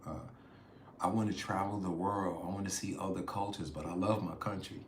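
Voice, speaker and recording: Middle-aged American man, low-voiced, easygoing, reads chat aloud and laughs a lot, echoey phone livestream with faint street noise. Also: steady tone, a little fast. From United States. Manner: laid-back, chatty, laughs often, says "y'all". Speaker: travel vlogger reading live chat. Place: outdoors in a city.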